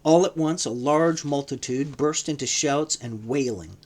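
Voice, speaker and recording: A man reading a novel aloud in a measured, dramatic narration. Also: a little high, a little mellow. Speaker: audiobook reader. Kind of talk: scripted narration.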